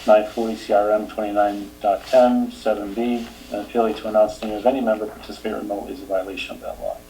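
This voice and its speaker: A man with a Boston accent chairing a town meeting, reading announcements steadily and trailing off quietly. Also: on the low side, little pitch movement, fast talker, poor audio. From Boston area. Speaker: board chair.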